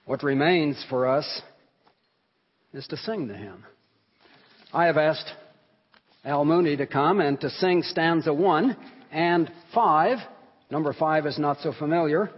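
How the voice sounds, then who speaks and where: A man's voice: on the high side, a little slow, pauses often, husky. A man preaching a sermon on a hymn, earnest and emphatic, rising and falling in volume as he stresses words. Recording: long hall reverb, dull sound.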